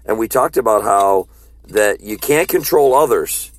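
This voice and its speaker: A man's voice: on the low side, lively intonation, unhurried. A man who street-preaches, talking earnestly and plainly about faith and reading scripture aloud. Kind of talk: casual faith talk.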